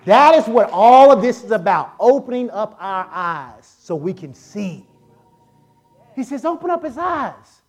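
A woman preacher with a Southern American accent, delivering a lively sermon, acting out Bible characters and rising to shouts. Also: fairly high pitch, measured pace. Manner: animated, acts out Bible characters, shouts at peaks.

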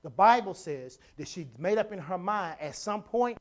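A pastor delivering a sermon with a mid-range voice, speaking casually and with emphasis. Key lines are repeated for effect, with stammered restarts along the way. The delivery climbs from hushed asides to loud, driving stretches. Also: mid-range voice, lively intonation, normal speed. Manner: builds from quiet to loud passages.

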